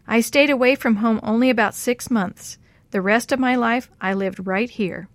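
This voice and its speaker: A lonely old woman speaks in a gentle, unhurried voice, as a woman reading the story puts her on. The sound is close and dry, with no room around it. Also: fairly high pitch, dry recording, close to an everyday voice. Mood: wistful. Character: lonely elderly woman, kind and wistful. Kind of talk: audiobook character reading.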